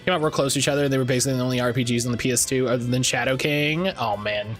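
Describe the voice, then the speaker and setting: A man's voice: mid-range voice, rapid-fire, fairly bright tone, soft background music. A man commentating a live game stream in a rambling, joking way, often repeating himself.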